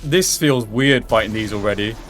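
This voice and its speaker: A man giving excitable, swear-laden live gameplay commentary, talking to himself and to the game character as he fights. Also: on the low side, normal speed, a little hiss or hum. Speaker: gameplay streamer.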